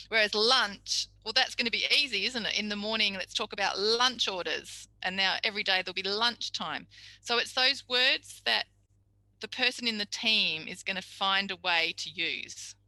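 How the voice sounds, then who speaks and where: A woman's voice: mid-range voice, sharp tone, no room sound, rough recording. A middle-aged woman, a speech pathology tutor giving a chatty, practical tutorial lecture. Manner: chatty, practical, acts out little quoted exchanges.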